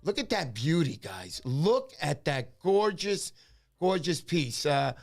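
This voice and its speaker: A man hosts a casual fishing livestream with a slightly high, gravelly voice. He rambles through stories, acting out the other people's lines as he goes. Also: big pitch swings, slow pace, soft background music. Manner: storytelling, acts out quoted voices, rambling. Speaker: livestream host. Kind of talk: casual chat.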